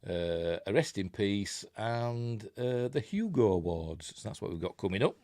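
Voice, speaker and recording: A man's voice: on the low side, sing-song, a little slow, darkish tone, dry recording, clean studio sound. A man with a Yorkshire accent hosting a live news stream, reading articles aloud and mocking them in a chatty, sarcastic way. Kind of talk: casual live-stream commentary.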